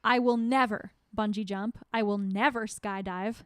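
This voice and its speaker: A woman's voice: mid-range voice, fairly even intonation, normal speed, clear, resonant tone, no room sound. Blunt young woman podcast co-host. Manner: blunt and emphatic, swears casually. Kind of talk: casual chat.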